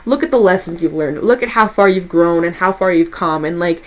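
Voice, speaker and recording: A woman's voice: on the low side, brisk, poor audio. Woman, tarot reader, casual chat, chatty, reassuring. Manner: chatty, laughs, swears lightly, reassuring.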